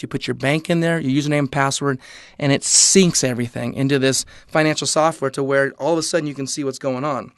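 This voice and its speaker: Upbeat man pitching a sales webinar. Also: dry recording, clean studio sound. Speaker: network marketing presenter.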